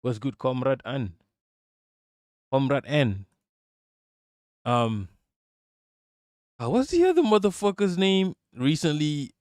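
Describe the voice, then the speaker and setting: A man's voice: mid-range voice, clear, resonant tone, no echo, studio quality. A young man hosting a live political commentary stream, heated and profane, often stumbling over and restarting his words.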